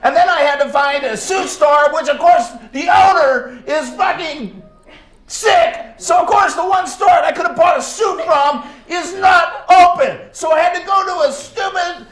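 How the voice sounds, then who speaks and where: A hot-tempered man bellows his excuses at a judge in a high, strained voice, cursing as he goes. The sound bounces around an echoey pub room. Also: measured pace. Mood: angry ranting. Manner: shouting, profane ranting.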